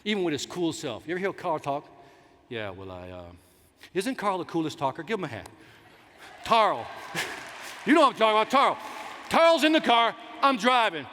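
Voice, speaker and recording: A middle-aged man giving a motivational keynote, telling stories with loud outbursts and playing to the crowd. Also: high-pitched, brisk. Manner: animated storytelling, loud outbursts, plays to the crowd. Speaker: keynote speaker. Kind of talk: motivational stage speech. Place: large conference hall. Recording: long hall reverb, faint noise.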